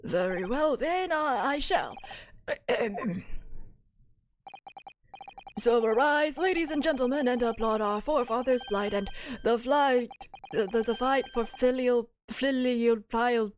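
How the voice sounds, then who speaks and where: A woman's voice: medium pitch, lively intonation, measured pace, a little hiss or hum, natural voice. A woman voicing a formal, stiff young man in a game, speaking in old-fashioned phrases and tripping over his words. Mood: flustered. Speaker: streamer voicing game dialogue.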